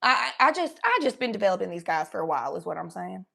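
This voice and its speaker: A young woman from Cincinnati, talking in a put-on Southern drawl during a casual livestream chat, crude and rambling, high and coughing now and then. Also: very animated, quick pace, creaky, pushed and bright. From Cincinnati, Ohio.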